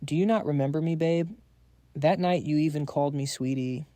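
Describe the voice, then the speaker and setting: A man's voice: on the high side, fairly quick, warm tone, no echo, natural voice. A man voicing a loyal, clownish chubby young man in a comic recap.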